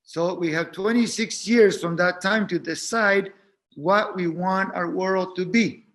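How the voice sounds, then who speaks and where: High-voiced man, gentle and halting. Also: fairly even intonation. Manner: gentle, halting, often repeats words. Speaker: spiritual teacher. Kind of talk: reflective spiritual talk.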